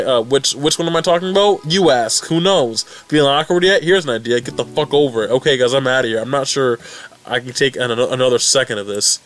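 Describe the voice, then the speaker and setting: Rambling, excitable young man recapping. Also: medium pitch. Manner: rambling, excitable, lots of swearing and restarts. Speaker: fan recap vlogger. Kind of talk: casual recap commentary.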